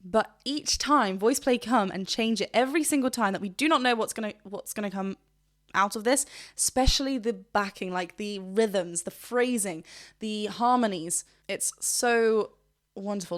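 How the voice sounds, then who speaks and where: A woman vocal coach giving chatty, enthusiastic technical commentary in a reaction video, with frequent restarts. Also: mid-range voice.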